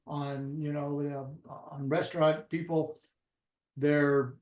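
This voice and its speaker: A man from Puerto Rico, a guest in an interview, with a voice pitched a little above average. He tells stories in a rambling, casual way, full of restarts and fillers. The room adds a noticeable echo. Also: flat delivery, slow pace, darkish tone, lo-fi sound. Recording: roomy echo.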